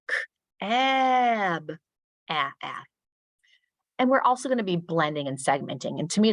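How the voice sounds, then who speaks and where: A middle-aged teacher trainer with a deep voice gives a professional development talk to teachers, recorded with no room sound. She models speech sounds slowly and crisply, raising her voice when she acts out a teacher questioning pupils.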